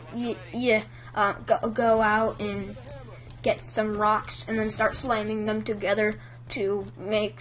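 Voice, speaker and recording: A woman imitating a dull YouTuber who reads off a script in a flat, halting, robotic way. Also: a little high, a little hiss or hum, pitched below the performer's own voice.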